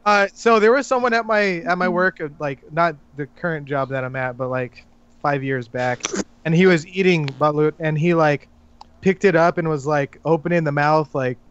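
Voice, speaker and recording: A man's voice: a little high, moderate pace, a bit bright, smooth, dull audio. A man hosting a casual podcast, telling puns and laughing at his own jokes. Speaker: podcast host. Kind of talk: casual chat.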